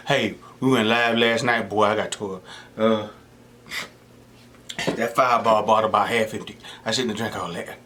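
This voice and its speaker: A man's voice: on the low side, moderate pace, pauses often, a little hiss or hum. A young man chatting casually on his eating show, telling stories and mimicking the people he quotes. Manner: animated storytelling, mimics voices of people he quotes. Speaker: mukbang host. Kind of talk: casual chat while eating.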